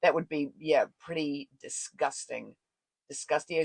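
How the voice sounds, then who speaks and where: A woman co-hosting a casual chat, playful and quick to react. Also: on the low side, animated, a bit bright, dry recording.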